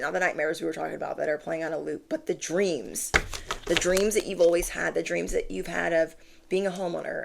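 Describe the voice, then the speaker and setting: A woman giving a channeled tarot reading, speaking with animated, drawn-out emphasis while shuffling cards. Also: fairly low pitch, creaky, background noise. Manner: animated, drawn-out emphatic phrases, acts out quoted reactions. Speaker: tarot reader.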